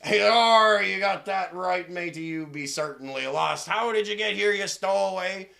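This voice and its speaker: Man playing a gruff pirate captain, loud, high-pitched bluster, bright, growling. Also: normal speed, full character voice.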